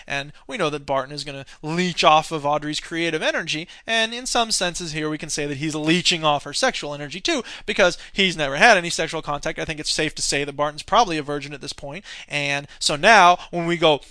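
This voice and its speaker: A man teaching a film class, talking off the cuff and often pausing with fillers as he searches his notes. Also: a little high, bright, forceful tone, no echo. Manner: hesitant, many fillers, searching through notes. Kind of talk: unscripted film commentary lecture.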